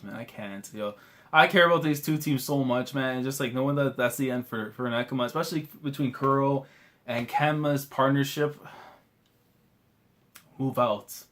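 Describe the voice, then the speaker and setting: A man's voice: medium pitch, fairly bright tone. A young man hosting a live manga reaction, talking emotionally and casually, often pleading and repeating "man" and "bro".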